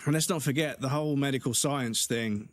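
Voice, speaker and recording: A man with a British accent chatting casually on a live stream, ranting with heavy swearing, his nose blocked up and his throat needing constant clearing. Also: mid-range voice, a little fast, faint music behind.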